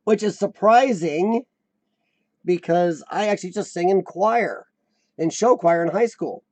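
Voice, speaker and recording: A man hosting a casual live chat, rambling and answering viewers, his voice a little rough from lung trouble. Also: high voice, measured pace, no room sound. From United States. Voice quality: slightly rough voice from lung problems. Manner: rambling, chatty, laughs often, answers viewers by name. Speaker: livestream host.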